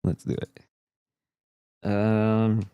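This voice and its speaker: A man's voice: on the low side, completely flat delivery, drawn-out words, smooth, no echo, muffled recording. A man hosting a casual livestream, talking in a goofy, profane and rambling way. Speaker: streamer host.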